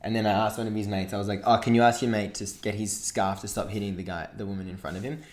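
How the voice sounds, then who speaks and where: A man's voice: lowish voice, little pitch movement, quick pace. A young Australian man, a podcast co-host, telling a long story in casual chat and swearing freely along the way.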